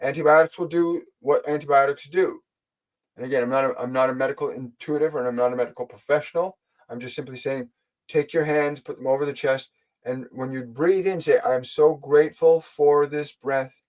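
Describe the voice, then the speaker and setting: A man with a mid-range voice, speaking a little fast, is captured on a rough recording while hosting a live spiritual stream. As a spiritual teacher and channel host, he talks gently and directly to viewers, earnestly answering questions and repeating key phrases.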